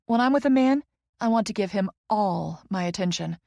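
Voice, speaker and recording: A woman's voice: mid-range voice, lively intonation, normal speed, gravelly, no echo, muffled recording. Woman voicing brassy teasing best friend Tess. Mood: playful. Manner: brassy, playful, loud teasing.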